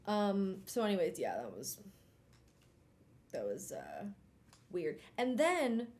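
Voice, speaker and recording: A woman hosting a casual live-stream book club, talking in an animated way with exclamations and trailing fillers. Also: medium pitch.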